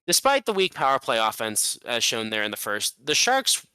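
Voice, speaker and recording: A man co-hosting a casual sports podcast, recapping a game in animated rants with some swearing. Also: medium pitch, moderate pace, smooth, dry recording. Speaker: podcast co-host.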